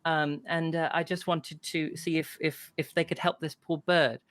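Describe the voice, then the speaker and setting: A man's voice: on the high side, little pitch movement, normal speed, a bit bright, pitched above the performer's own voice, lightly acted. A man voicing a timid, polite little girl who stammers shyly. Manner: hesitant, stammering.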